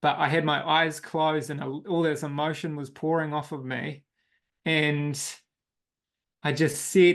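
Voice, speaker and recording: Flat-voiced man telling his story. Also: on the high side, unhurried. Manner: reflective, emotional storytelling. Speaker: guest, coach. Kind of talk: personal storytelling in interview.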